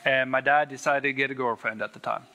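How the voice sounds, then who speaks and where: A man's voice: medium pitch, fairly even intonation, fast talker, sharp tone. A man earnestly telling his personal faith testimony, stressing words and repeating them for weight. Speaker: Christian sharing a testimony.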